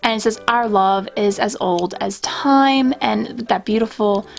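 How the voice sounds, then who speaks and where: A woman's voice: mid-range voice, unhurried, creaky. A young adult woman chatting enthusiastically in a casual show-and-tell vlog, gushing over items from her collection. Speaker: pin collecting YouTuber.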